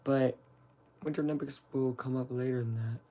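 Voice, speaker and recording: A man's voice: mid-range voice, steady tone, brisk, mellow. A young man from the United States chatting loosely while reacting to a broadcast, rambling, joking and calling people "bro". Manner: rambling, jokey, slangy, says "bro" a lot. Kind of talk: casual live-stream commentary.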